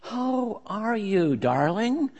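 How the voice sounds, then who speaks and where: A pastor lightly putting on a gentle, fussing mother, slow and soothing. The voice sits a little high. Every word carries a long reverb through a church sanctuary. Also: expressive. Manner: soothing, reassuring. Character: kindly, fussing older mother, warm and motherly.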